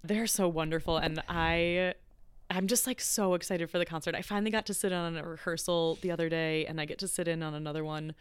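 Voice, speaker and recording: Chatty, enthusiastic woman with a smooth voice. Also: lowish voice, steady tone, brisk, no room sound. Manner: enthusiastic, chatty, many fillers. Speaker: guest, arts organization leader. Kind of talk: casual podcast conversation. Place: Chicago.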